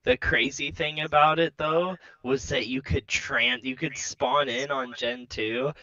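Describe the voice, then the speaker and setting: A young adult man swapping profane, animated gaming stories in a casual podcast chat. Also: mid-range voice, measured pace, highs cut off. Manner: profane, rambling storyteller, animated.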